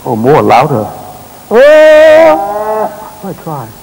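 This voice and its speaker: A man leading a live therapy demonstration on a stage, giving gentle, directive instructions in short commands and explaining to the audience as he works. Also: medium pitch, animated, normal speed, background noise. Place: stage at a congress.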